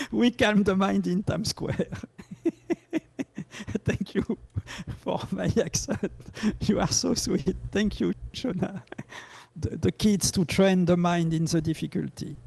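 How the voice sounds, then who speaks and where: Slow, gravelly French-accented man teaching. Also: sits high, a little mellow, no echo. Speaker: meditation teacher. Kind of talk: live online class. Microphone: video call.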